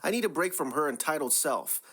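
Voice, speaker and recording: Lively voice narrating online stories. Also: mid-range voice, a little fast, husky. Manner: wry, exasperated storytelling. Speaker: story narrator. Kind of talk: scripted story narration.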